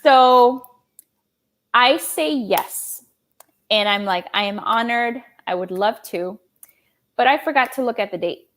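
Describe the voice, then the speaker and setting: A woman in her thirties telling her own story in an interview, animated, laughing often and acting out quoted dialogue. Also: fairly high pitch, measured pace. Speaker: guest, small business owner and designer.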